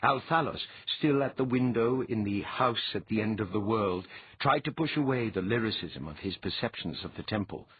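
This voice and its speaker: A man narrating a fantasy audiobook in a measured, old-fashioned storytelling manner. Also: lowish voice, animated, slightly rough. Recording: muffled, narrow phone-like sound.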